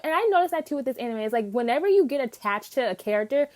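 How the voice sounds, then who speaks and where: High-voiced woman ranting animatedly. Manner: animated and emphatic, swears often; talks in quick bursts, acting out her reactions. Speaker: anime reviewer. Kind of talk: casual unscripted review.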